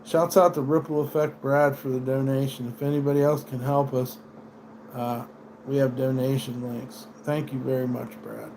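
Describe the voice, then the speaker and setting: A man's voice: medium pitch, level tone, normal speed, vocal fry, darkish tone, a little hiss or hum. American male livestream host, mid-range voice, rambling profane rant. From United States.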